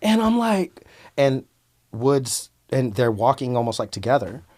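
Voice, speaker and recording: A man telling a story in casual, animated, profanity-heavy slang as an interview guest. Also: mid-range voice, unhurried.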